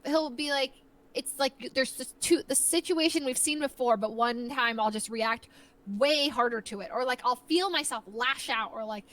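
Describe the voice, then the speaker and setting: High bright-voiced young woman. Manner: chatty, candid, quick to laugh. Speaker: guest streamer. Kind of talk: casual chat.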